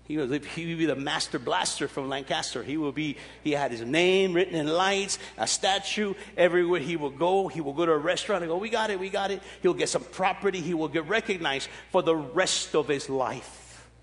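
A man's voice: a little high, a little fast, hardly any pauses, long reverb tail. A man in his sixties preaching a sermon, with an emphatic, repetitive, folksy delivery. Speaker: pastor.

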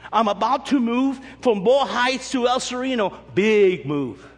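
A man preaching a sermon as pastor, animated, acting out quoted voices with joking asides. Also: very high voice, measured pace. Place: church sanctuary. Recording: long echo of a large hall.

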